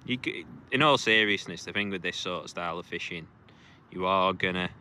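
Brief: deep-voiced angler, chatty lakeside commentary on a handheld camera, shivering, with noticeable outdoor noise behind. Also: male voice, a little fast, sharp tone. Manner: chatty, encouraging, gives timings. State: shivering from cold. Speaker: angler filming a fishing challenge. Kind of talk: casual commentary and chat. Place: outdoors at a lakeside, kneeling in mud. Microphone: handheld camera mic.

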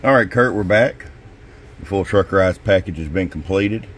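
A man with a slightly hoarse voice, casually walking through a demo at his radio workbench, dropping in fillers and a tag of "okay?". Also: deep voice, normal speed. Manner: casual, folksy, drops in "okay?" and "uh". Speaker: CB radio shop technician. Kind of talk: casual product demo narration.

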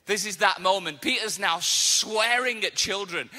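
A man preaching a sermon as pastor, telling stories with casual asides and lively acted quotes. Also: sits high, moderate pace, hardly any pauses, in a large hall. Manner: animated storytelling, casual asides. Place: church auditorium.

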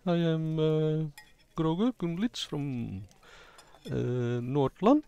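A man voicing a young male actor who is chatty and verbose, speaking in a raised, higher voice. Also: lively intonation, slow pace, warm tone, clean tone, lo-fi sound. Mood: friendly. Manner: raised, higher-pitched friendly voice.

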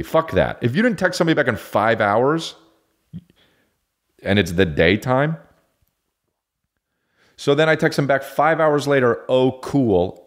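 A man hosting a podcast, rambling through a profane, self-mocking comedic monologue that keeps going off track. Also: medium pitch. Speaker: podcast host.

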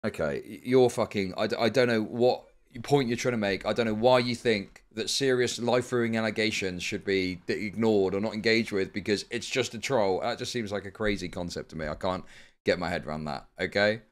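A man's voice: on the low side, fairly quick. A man streaming live commentary, arguing heatedly and swearing often.

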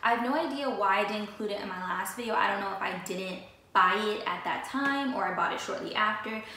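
Speaking a little fast in a sharp, mid-range voice, a young female vlogger excitedly chats with her audience about her new sneakers. It's a casual sneaker haul, recorded in an echoey room with faint background noise.

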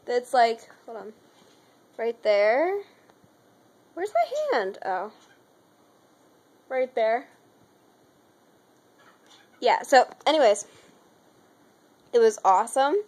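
A teenage girl telling an excited, rambling story in a casual vlog from her room. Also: fairly high pitch, extremely slow, pauses often, poor audio. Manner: gushing, rambling, says anyways a lot. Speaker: vlogger.

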